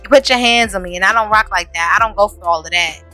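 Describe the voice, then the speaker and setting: A defiant young woman sim, blunt and indignant, voiced by a woman. She talks in clipped slang with a bright, forceful tone. She is done putting up with a housemate. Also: medium pitch, fast talker, soft background music, natural voice.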